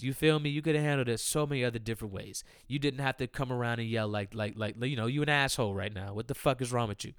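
Animated, profane man telling a story. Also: mid-range voice, smooth, no room sound, clean studio sound. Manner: animated, profane, repeats lines for emphasis. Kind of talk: casual storytelling.

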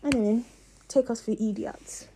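A woman's voice: fairly high pitch, moderate pace, dark tone. A young woman ranting to her viewers in a passionate, rambling way, with many restarts. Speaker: vlogger. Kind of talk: casual rant to camera.

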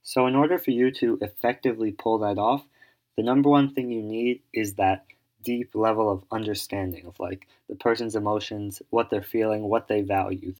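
A man's voice: on the low side, steady tone, normal speed, a little mellow. A man explaining an idea in casual, rambling talk, full of fillers and restarts as he thinks aloud. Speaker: solo speaker giving advice.

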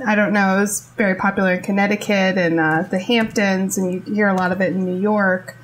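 A woman guest in a casual chat, playful and quick to laugh as she explains things. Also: mid-range voice, fairly even intonation, slight background noise, rough recording. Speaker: guest, psychologist.

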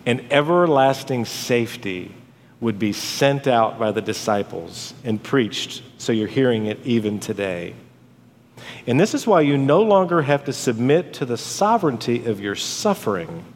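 Slow-preaching pastor in a reverberant church. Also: male voice, medium pitch, a little hiss or hum. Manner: dramatic rises and hushed drops on key words. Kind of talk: sermon. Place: church sanctuary. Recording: long hall reverb.

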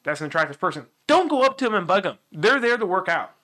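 A woman's voice: lowish voice, big pitch swings, fast talker, fairly bright tone. A woman co-hosting a podcast in casual chat, joking and laughing often. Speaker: podcast co-host.

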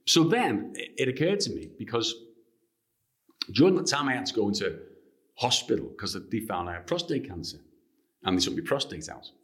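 Man, Liverpool accent, fairly low voice, interview guest, animated anecdotes. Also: moderate pace, pauses often. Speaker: guest author and columnist. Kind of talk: interview storytelling.

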